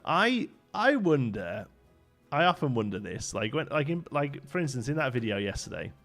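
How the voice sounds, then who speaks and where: A man's voice: mid-range voice, sing-song, normal speed, fairly bright tone, faint music behind. A young man chatting casually and rambling as he plays and builds on a live stream, laughing often and answering chat.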